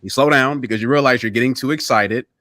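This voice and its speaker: A man's voice: mid-range voice, fast talker, bright, forceful tone, no room sound, studio quality. A man in a casual chat, earnestly telling a relatable story in the second person, with frequent restarts.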